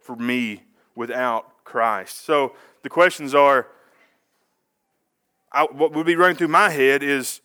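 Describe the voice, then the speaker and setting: A man's voice: on the high side, unhurried, bright, forceful tone, smooth. A man preaching a casual sermon, talking conversationally with rambling asides and self-corrections.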